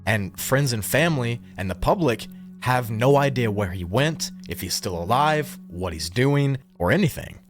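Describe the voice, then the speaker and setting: A man narrating a true-crime video in a measured, reflective scripted style. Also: mid-range voice.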